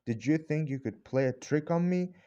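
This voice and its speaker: A man's voice: on the high side, moderate pace, warm tone, muffled recording, voice pushed up, natural voice. A man reading a storybook role of an arrogant, short-tempered older male professor who talks with roaring, brutal bluntness. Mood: scornful.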